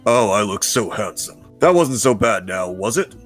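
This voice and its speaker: A man's voice: lowish voice, lively intonation, moderate pace, soft background music. A man voicing a laid-back male tiger police officer while reading a visual novel aloud, in a friendly, teasing manner.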